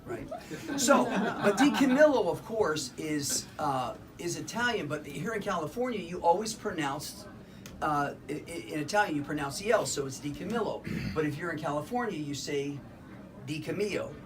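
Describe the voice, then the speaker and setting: A man's voice: a little high, animated, normal speed, crowd noise. A man from Philadelphia doing chatty comedy magic patter on stage, joking and laughing through his lines. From Philadelphia, Pennsylvania. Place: live theater show with audience. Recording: distant live stage recording, loud ambience.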